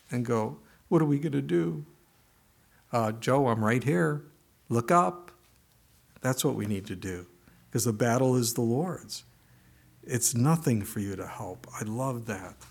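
Middle-aged male pastor, casual conversational sermon delivery, acts out quoted lines, mid pitch. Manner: conversational preaching, acting out quoted voices.

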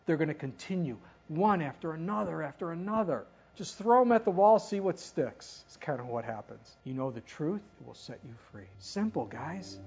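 Husky woman preaching a sermon. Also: sits low, a little mellow. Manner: conversational, rhetorical questions, reads scripture aloud. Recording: dull lo-fi recording.

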